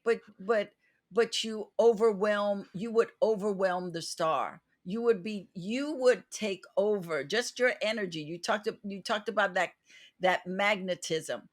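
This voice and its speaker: A woman hosts a podcast conversation and shares advice from her own experience. Her voice sits at an ordinary middle pitch. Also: unhurried. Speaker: podcast host and actress.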